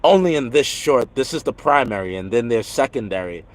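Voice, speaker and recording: A man's voice: medium pitch, expressive, a little fast. A man with a New York accent chatting earnestly on a livestream while walking city streets. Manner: earnest, talkative, easy laughs. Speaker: livestream host. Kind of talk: casual livestream chat.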